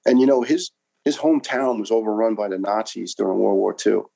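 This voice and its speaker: A man's voice: fairly low pitch, steady tone, brisk, gravelly, dark tone, poor audio. A man in his fifties from New York, a retired firefighter telling his story in an interview with passion, emphasis and frequent restarts.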